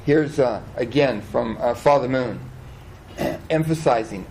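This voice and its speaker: A man preaching a sermon as pastor of a church, animated, often asking the congregation questions. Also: mid-range voice, unhurried, creaky, slight background noise, rough recording. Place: church hall.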